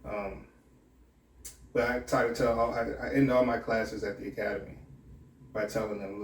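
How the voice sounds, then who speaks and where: A man's voice: lowish voice, fairly even intonation, moderate pace, pauses often, roomy sound, recorded from a distance. A man who works as a sheriff's deputy and academy instructor, talking candidly and reflectively in a podcast interview with many restarts.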